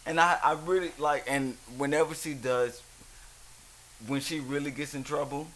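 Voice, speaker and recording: A man's voice: on the high side, normal speed. A young man, telling stories in casual podcast chat and acting out what people said. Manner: animated storyteller, acts out quotes, swears freely. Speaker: podcast co-host. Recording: faint hiss.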